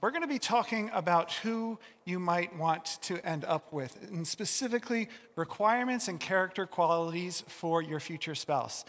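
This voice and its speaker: Guy hosting a group talk, kinda high voice, joking around, big echoey hall. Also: lively intonation, normal speed, hardly any pauses, fairly bright tone. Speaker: host. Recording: long reverb in a hall.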